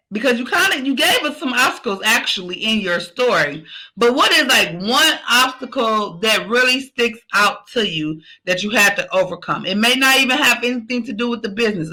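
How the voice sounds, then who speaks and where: A woman hosts a podcast in a high, piercingly bright voice. She drives each point home through emphatic repetition, pep-talk style. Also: poor audio. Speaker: podcast host.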